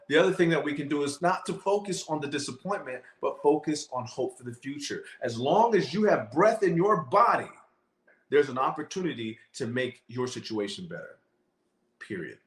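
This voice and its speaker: Conversational man preaching in an echoey room. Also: medium pitch. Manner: conversational, frequent "um" and "okay?". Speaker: professor and speaker. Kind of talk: sermon-style teaching.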